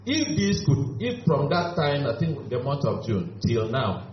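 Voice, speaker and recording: A man's voice: medium pitch, huge pitch swings, measured pace, music in the background. Man, playful and upbeat, echoey dull lo-fi sound. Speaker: beneficiary giving testimony. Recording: echoey room, dull lo-fi audio.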